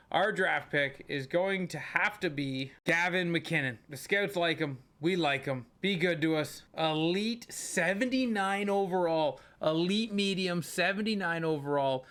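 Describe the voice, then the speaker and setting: A young man giving casual, chatty commentary on his sports game, thinking aloud and bursting into excitement. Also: fairly high pitch. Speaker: gaming channel host. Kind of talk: gameplay commentary.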